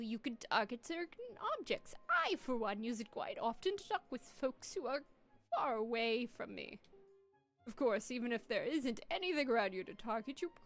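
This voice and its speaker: A woman's voice: a little high, fairly bright tone, full character voice. A woman voicing a chatty older man who lectures the player on game controls in a folksy way.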